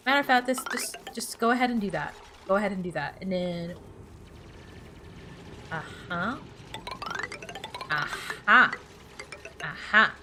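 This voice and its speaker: A woman's voice: mid-range voice, a little slow, long pauses, over music. A woman streamer chatting casually while she plays, reading game text aloud and laughing easily. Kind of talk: casual gameplay commentary.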